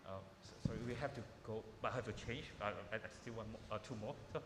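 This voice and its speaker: A man's voice: lowish voice, fast. A man teaching piano in a workshop, coaching in an informal way with repeated words and simple phrasing. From Malaysia. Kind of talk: masterclass teaching. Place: large hall with a piano. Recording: roomy hall echo with piano playing.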